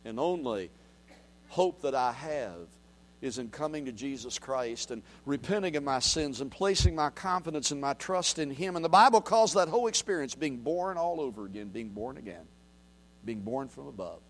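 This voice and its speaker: A man preaching a sermon, reading scripture aloud and swinging from quiet, low murmurs to loud, raised declarations. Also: expressive, moderate pace, slight background noise. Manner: reads scripture aloud and asks the congregation to repeat. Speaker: pastor.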